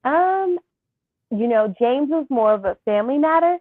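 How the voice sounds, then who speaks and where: A young woman interviewed as a guest, telling a personal story softly and haltingly, with many fillers. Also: high-pitched, lively intonation, no echo. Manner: soft-spoken, halting with fillers. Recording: thin phone-like line.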